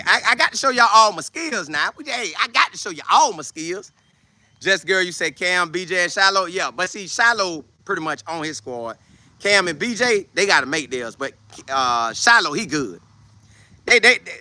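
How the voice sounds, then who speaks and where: A man in his twenties, hosting a casual football show, talking loudly and boastfully with lots of energy. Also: fairly high pitch. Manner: loud, trash-talking, animated. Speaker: show host, football player. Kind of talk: casual livestream chat.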